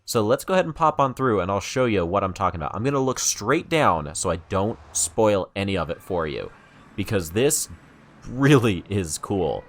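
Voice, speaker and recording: Low-voiced rambling gaming host. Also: male voice, normal speed. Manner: rambling, many fillers and restarts, easily excited. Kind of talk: let's-play commentary.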